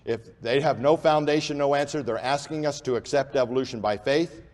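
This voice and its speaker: A man giving an emphatic preaching lecture to an audience, talking in long unbroken runs with few breaths and slowing down on key points. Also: medium pitch, a little mellow. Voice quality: says he has a speech impediment and talks without pausing for breath. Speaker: creationist speaker. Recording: long hall reverb.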